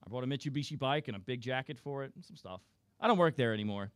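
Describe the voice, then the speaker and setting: A man's voice: medium pitch, expressive, fast, smooth, no echo. A young man doing a rambling, crude, self-deprecating stand-up roast set. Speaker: stand-up comedian.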